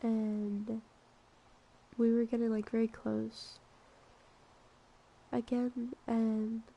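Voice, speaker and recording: A young woman with a fry-edged, mellow voice rambles through a storytime while playing a game. Her delivery is fairly flat and loaded with filler words, and it sometimes sinks into a soft whisper. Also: fairly high pitch, extremely slow, poor audio. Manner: drops to soft whispers at times. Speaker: gaming vlogger.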